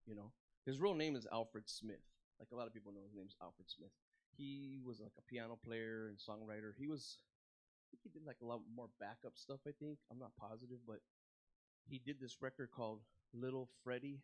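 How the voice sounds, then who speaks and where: A man DJing live who tells stories between records in a rambling, slangy way with plenty of swearing. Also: medium pitch. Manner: rambling, many fillers and restarts, slangy, swears. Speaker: DJ and record store owner. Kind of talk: casual storytelling between records.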